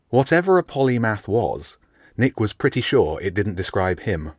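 A male narrator reading a storybook aloud, even and measured. His voice sits low, and the recording is close and dry. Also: no room sound. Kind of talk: audiobook narration.

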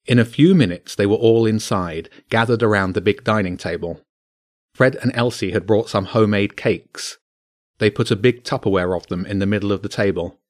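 A man reads a children's adventure tale aloud, steady and measured. His voice sits fairly low, and he never rushes. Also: no room sound, studio quality. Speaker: narrator.

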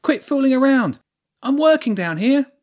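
A man voicing a brisk adult woman who guides visitors around a theatre. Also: a little high, very animated, a bit bright, no room sound, studio quality, pitched above the performer's own voice. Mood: angry shouting.

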